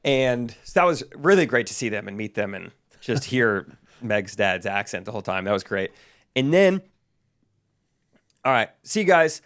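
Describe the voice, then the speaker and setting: A young man, a podcast co-host, casually telling a story and acting out the people he quotes in a higher voice. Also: normal speed, long pauses. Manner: animated, acts out quoted voices in a higher pitch.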